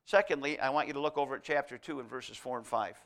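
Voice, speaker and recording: A man's voice: mid-range voice, quick pace, vocal fry, a bit bright. A man preaching a sermon, reading scripture aloud and driving his points home with repeated contrasts. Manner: emphatic, repetitive contrasts, reads scripture aloud.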